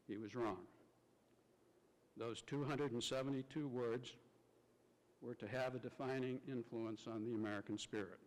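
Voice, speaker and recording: A man giving formal ceremonial narration at an event, measured and stately. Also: medium pitch, fairly even intonation. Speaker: ceremony speaker. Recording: large hall with long reverb.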